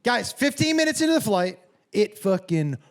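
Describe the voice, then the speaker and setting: A stand-up comedian, a man with a high voice whose pitch leaps all over as he spins a story on stage. He is animated and profane, acts out the other people in his tale, and breaks into sudden shouts into a handheld mic. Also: normal speed. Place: comedy stage before a live audience.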